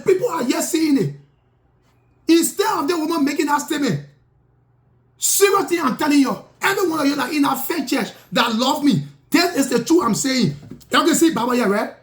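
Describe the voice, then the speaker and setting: A man's voice: very high voice, expressive, moderate pace, fairly bright tone. A self-styled prophet, a man, telling his grievances in an indignant, repetitive monologue with broken grammar. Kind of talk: impassioned spoken monologue.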